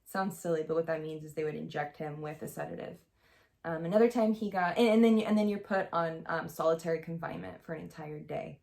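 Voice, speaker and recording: A young woman recounts a personal story in a loose, chatty vlog manner, her lowish voice catching with a gravelly rasp at the ends of phrases. She rambles candidly, stacking fillers as she goes. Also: a little fast, darkish tone. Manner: chatty, heavy use of "like" and "um", candid. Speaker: vlogger. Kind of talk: casual storytelling to camera.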